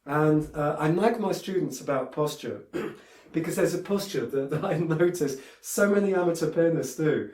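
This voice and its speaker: A man's voice: on the high side, expressive, moderate pace, a little mellow. A man giving a piano lesson, talking in a chatty, digressive way with many fillers and restarts. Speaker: piano teacher. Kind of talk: piano tutorial. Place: room with a piano. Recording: roomy, a bit far from the mic, piano in the room. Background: piano playing.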